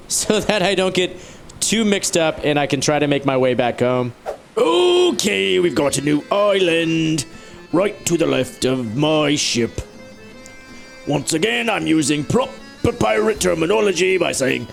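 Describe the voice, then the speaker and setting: Young male gamer, lively and gravelly, game music under him; goofy self-mocking narration. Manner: animated, playful pitch swings. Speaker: gaming YouTuber. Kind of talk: let's play commentary.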